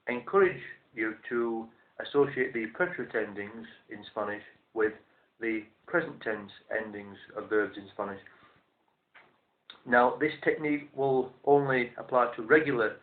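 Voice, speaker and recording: A man teaching a language lesson, explaining step by step in a measured, methodical way and repeating each form slowly. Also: medium pitch. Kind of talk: instructional explanation. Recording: roomy, tinny phone-like sound.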